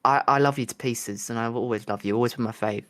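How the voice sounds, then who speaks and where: A man co-hosting a casual podcast chat, telling stories in an excitable, gushing way with lots of restarts. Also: medium pitch, fast talker, no echo, clean studio sound. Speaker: podcast co-host.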